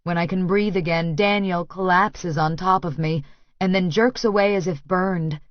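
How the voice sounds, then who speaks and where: A woman narrating a first-person romance audiobook in a breathy, intimate, unhurried way. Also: on the low side, fairly even intonation, no echo, dull audio.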